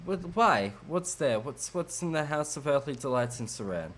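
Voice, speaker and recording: A man's voice: on the high side, expressive, normal speed, a bit bright. A man hosting a let's play from a home streaming setup, making casual, joking and self-mocking commentary as he plays.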